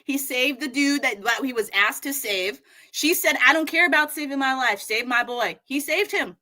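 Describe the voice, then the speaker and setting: High bright woman, animated and profane. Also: normal speed. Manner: animated, profane, acts out quotes in high shouts. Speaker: podcast co-host. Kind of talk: casual livestream show discussion.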